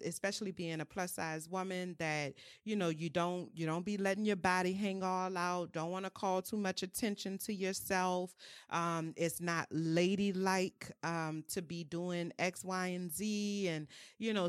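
A candid woman from New with a lowish voice. She talks as a podcast guest in a frank, reflective manner with colloquial phrasing. The sound is dry and close. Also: smooth, no echo. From New Orleans, US. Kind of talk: candid conversational storytelling.

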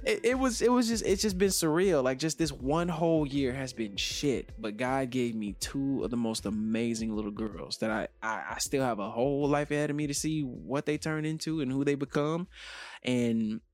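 A man's voice: medium pitch, normal speed. A man co-hosting a casual podcast, telling rambling stories and acting out his own quoted words. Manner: rambling storyteller, acts out quotes. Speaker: podcast co-host. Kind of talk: casual chat.

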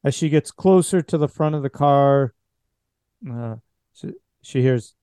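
A man narrating a tabletop horror game as game master, in a measured, descriptive way. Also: medium pitch, mellow, clean tone, dry recording.

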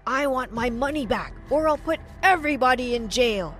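An angry pawn shop man shouts his accusations, as a woman narrator puts him on. The voice stays high and light, with faint music beneath the story. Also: expressive, moderate pace. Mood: accusing. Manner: loud, accusing.

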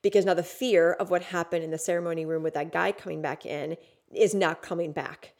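A podcast host tells a personal story with candor and emotion, swearing often. Her voice sits on the low side and sounds a little mellow, with fairly even intonation and a brisk pace.

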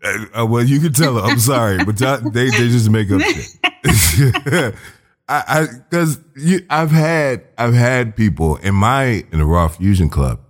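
A man's voice: medium pitch, animated, unhurried. An American man hosting a podcast interview, chatting casually with blunt jokes and plenty of swearing. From United States. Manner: blunt, joking, swears freely. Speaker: podcast host.

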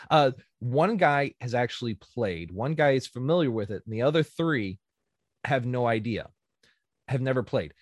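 Animated joking man hosting a chat. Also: mid-range voice, measured pace, no echo, studio quality. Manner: animated, joking, laughs often. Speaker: podcast co-host. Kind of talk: casual chat.

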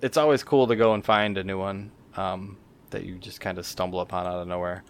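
A man's voice: low voice, fairly even intonation, brisk, clean tone. A man co-hosting a podcast, chatting casually about a game he found and rambling a little with fillers and self-corrections. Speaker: podcast co-host. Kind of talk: casual chat.

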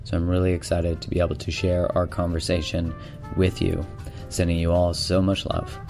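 A man's voice: low-pitched, completely flat delivery, moderate pace, darkish tone, faint music behind. A man hosting his own podcast, talking in a loose, enthusiastic and chatty way with plenty of fillers. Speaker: podcast host. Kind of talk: casual podcast chat.

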